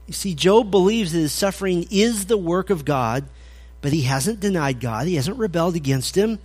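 A man's voice: high voice, animated, moderate pace. A male pastor preaching through scripture, reading verses aloud and commenting with dry irony, with occasional stammered restarts. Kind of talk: expository sermon.

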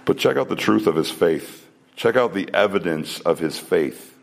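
A man's voice: deep voice, animated, moderate pace, creaky. A man preaching a sermon in an earnest voice, asking rhetorical questions and shifting his pace. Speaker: pastor.

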